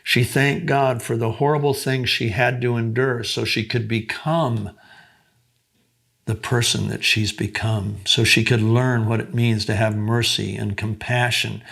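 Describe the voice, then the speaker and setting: Man, unhurried lesson storytelling, gravelly, earnest, lingers on key points. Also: medium pitch, little pitch movement, fairly bright tone. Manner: retells a story with constant "he says, she says". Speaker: teacher of a mentoring series.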